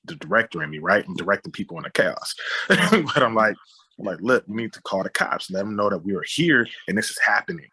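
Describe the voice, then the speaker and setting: A man sits for an interview and retells a story in a lively way, voicing gunshots and what people said. His voice is low and husky with a bright, forceful edge. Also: fairly quick. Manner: animated retelling with sound effects and quoted dialogue. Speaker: interview guest, director and writer. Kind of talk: conversational storytelling.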